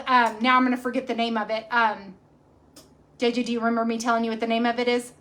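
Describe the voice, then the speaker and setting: High-voiced chatty woman. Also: little pitch movement, fast talker, fairly bright tone. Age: 40s. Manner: rambling, chatty, self-correcting. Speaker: cooking channel host. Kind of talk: casual livestream chat.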